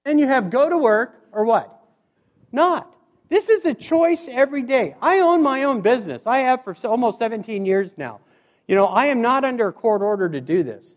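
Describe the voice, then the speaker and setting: A man from Montana with a high voice delivers a joking motivational speech to a live crowd. He is middle-aged and tells stories with sound effects and quick asides. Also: sing-song. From Montana, USA. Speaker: motivational speaker. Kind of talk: humorous keynote speech. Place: stage before a live audience.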